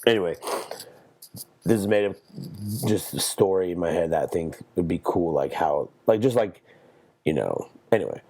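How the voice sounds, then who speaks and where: Gravelly low-voiced man rambling on a podcast. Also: lively intonation, normal speed, pauses often, dark tone. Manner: profane, meandering, jokey storytelling. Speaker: podcast host. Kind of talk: rambling solo podcast monologue.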